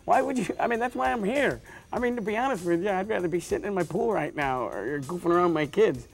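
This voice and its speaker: A man who is a stand-up comedian, rambling through deadpan jokes with lots of stammers and restarts. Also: sits high, fast talker, vocal fry, soft background music. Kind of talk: joking interview monologue.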